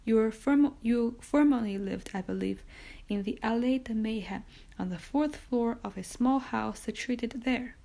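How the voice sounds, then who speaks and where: A woman's voice: a little high, measured pace, creaky, dark tone. A woman doing a reserved Italian-accented priest. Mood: probing.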